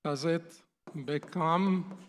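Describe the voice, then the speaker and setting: Speaking in a large hall with slight background noise, a male instructor gives a classroom lecture in a fairly high, steady voice, drawing out his words. His approach is patient and explanatory, and he frequently rewords and repeats key terms.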